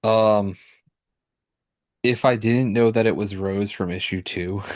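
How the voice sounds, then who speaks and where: A man's voice: on the low side, fairly even intonation, slow, no room sound, studio quality. A man co-hosting a comic book podcast, talking casually with fillers and self-corrections. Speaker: podcast co-host. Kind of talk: casual chat.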